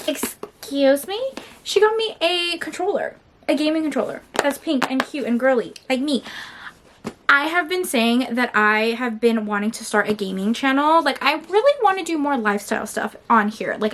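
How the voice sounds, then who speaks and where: In this casual vlog unboxing chat, a woman with a slightly high voice runs her book channel over faint background noise. Brimming with excitement, she often says the same phrases again.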